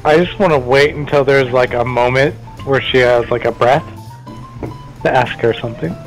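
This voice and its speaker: A man's voice: mid-range voice, normal speed, soft background music, poor audio. A man playing a tabletop game, jolly in character with hearty exclamations. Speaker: player. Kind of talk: in-character tabletop role-play.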